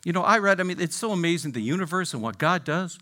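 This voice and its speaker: Animated preacher, loud to near-whispers. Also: male voice, high-pitched, quick pace. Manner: dramatic swings from loud exclamations to hushed near-whispers; repeats "right?" and "I mean" to engage listeners. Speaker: pastor. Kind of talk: sermon.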